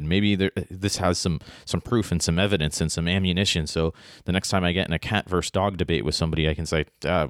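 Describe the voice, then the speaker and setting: Low-voiced man teaching writing casually. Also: fairly even intonation, fast talker, no echo, clean studio sound. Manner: conversational, frequent "right?" and restarts. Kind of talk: casual spoken lesson.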